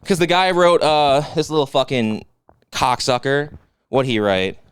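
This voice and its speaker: A man co-hosting a casual comedy podcast, ranting fast and profanely in mock anger. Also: medium pitch, animated, smooth, no echo, studio quality. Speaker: podcast co-host.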